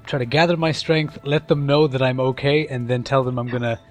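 A man's voice: mid-range voice, level tone, a little fast, soft background music. A man playing a tabletop game, hesitant and thinking aloud. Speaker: player. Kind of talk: casual game chat.

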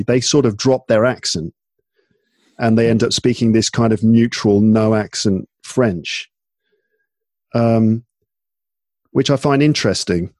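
A man's voice: medium pitch, a little mellow, dry recording. Tired english guy chatting, lots of restarts and ums, dry close sound. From England. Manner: halting, many restarts and fillers. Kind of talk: casual chat. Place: home in Paris at night.

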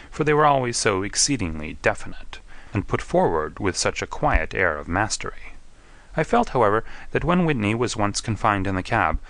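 A man narrating a story in the first person, measured and steady. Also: on the low side. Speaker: audiobook narrator.

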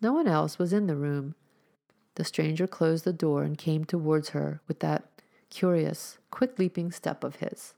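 Low, gravelly woman reading a story aloud. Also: a little slow, dark tone.

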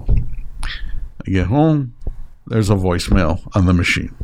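Animated middle-aged man telling a story. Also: slow, long pauses. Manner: animated and emotional, swings high when excited; swears freely, trips over his words. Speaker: guest. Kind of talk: casual storytelling.

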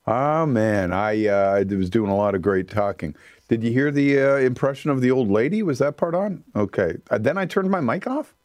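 A man's voice: mid-range voice, lively intonation, moderate pace, a little mellow, dry recording. A man hosting a radio talk show in a studio, chatting casually in a rambling, self-mocking way. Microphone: studio microphone.

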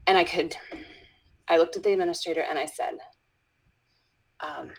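A woman educator, a guest in a conversational interview, telling a story with frequent restarts and dropping into soft whispers when she quotes someone. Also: lowish voice, moderate pace, gravelly, low-quality recording.

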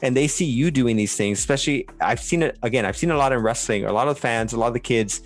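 Male host, chatty and rambling, mid-pitch voice, faint music behind. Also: fast talker. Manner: rambling, animated, many fillers. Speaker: podcast host. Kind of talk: casual interview chat.

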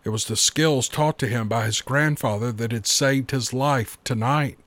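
A man narrating a story in a steady, measured reading. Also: mid-range voice, dry recording.

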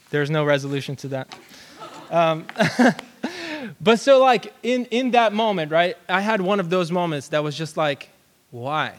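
Animated young male youth preacher. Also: fairly high pitch. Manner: animated storyteller, many fillers like "um" and "like". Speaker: youth pastor. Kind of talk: casual sermon with personal story.

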